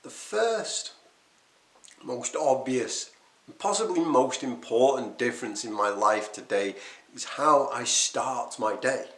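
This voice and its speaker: A man speaks straight to the camera, animated and emphatic, poking fun at his old habits. His voice sits at an ordinary middle pitch. The room gives it a noticeable echo. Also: slow. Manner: animated, emphatic, self-deprecating. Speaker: quit-smoking coach and vlogger. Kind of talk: unscripted talk to camera. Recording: echoey room.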